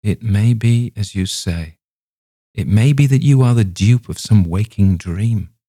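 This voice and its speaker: A man voicing a grave, gentle old rabbi who speaks slowly, with old-fashioned phrasing. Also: on the low side, expressive, dry recording, clean studio sound, voice pushed up. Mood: measured. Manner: measured, compassionate, archaic phrasing.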